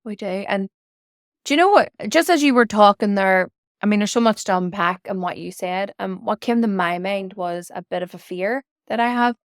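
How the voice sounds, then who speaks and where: A woman's voice: medium pitch, normal speed, no room sound, clean studio sound. A woman hosting an interview, reflecting aloud and correcting her own words as she goes. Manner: reflective, thinks aloud with restarts. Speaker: interview host. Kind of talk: casual interview chat.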